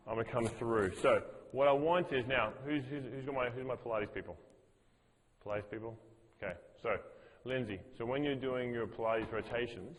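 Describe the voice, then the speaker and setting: A man's voice: mid-range voice, long reverb tail, slight background noise, poor audio. A man teaching a fitness class, counting reps aloud and explaining the moves as he demonstrates them. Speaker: fitness instructor. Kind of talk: gym class instruction.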